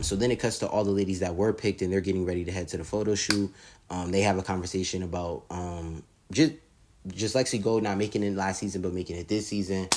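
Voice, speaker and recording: A man casually recapping a reality show episode in slangy, animated talk, laughing often. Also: sits low.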